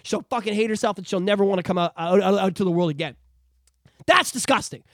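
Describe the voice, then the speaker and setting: A podcast co-host in casual chat, ranting with lots of swearing and animated outbursts, recorded on a podcast microphone. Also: mid-range voice, fast, dry recording, studio quality.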